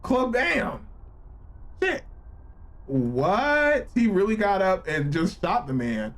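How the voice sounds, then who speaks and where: A man streaming a game live, reacting with loud, profane exclamations and joking with his chat in slang. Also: high voice, very animated, takes it slowly. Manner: slangy, playful banter with chat. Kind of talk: live gameplay reaction commentary.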